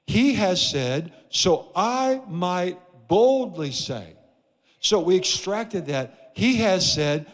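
A man's voice: on the high side, in a large hall. A man preaching a sermon as pastor in a church, emphatic with repeated phrases. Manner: emphatic, repetitive preaching cadence. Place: church sanctuary.

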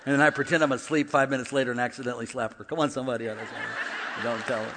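A male pastor preaching a comedic sermon from the United States, swinging from hushed storytelling to loud shouted preaching in a large church auditorium. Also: medium pitch, fairly even intonation, quick pace, slight background noise. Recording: long hall reverb.

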